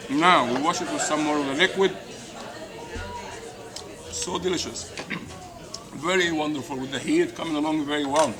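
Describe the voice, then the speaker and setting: A middle-aged man eating and reviewing a meal, effusive and a little hoarse from hot pepper. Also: on the high side. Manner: enthusiastic, repeats "delicious" and "beautiful". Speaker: food vlogger. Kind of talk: casual food review while eating. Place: busy restaurant, indoors. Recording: noisy restaurant with crowd chatter. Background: crowd chatter.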